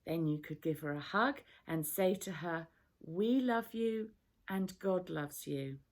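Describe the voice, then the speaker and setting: A woman voicing a calm, patient male teacher in a children's Bible story. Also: on the low side, slow. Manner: soft, patient explaining.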